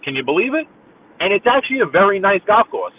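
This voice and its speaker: A man's voice: sits high, big pitch swings, fast talker, a little hiss or hum. A man from Brooklyn with a New York accent, rambling casually to live-stream viewers while he drives. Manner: rambling, talkative, chatty with viewers. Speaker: live-stream driving host. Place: inside a car. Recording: tinny phone-like audio.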